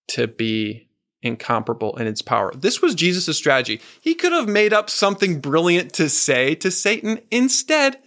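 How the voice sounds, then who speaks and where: Male preacher, mid pitch, earnest and emphatic sermon delivery. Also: pushed and bright. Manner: earnest, slow and emphatic, asks the audience questions.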